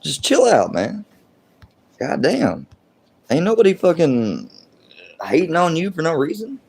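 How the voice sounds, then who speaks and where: A man's voice: on the high side, huge pitch swings, a little slow, gravelly, a little mellow, slight background noise. A man hosting a livestream, ranting in a casual, profane, exasperated way and rambling as he talks to his chat. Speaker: livestream host.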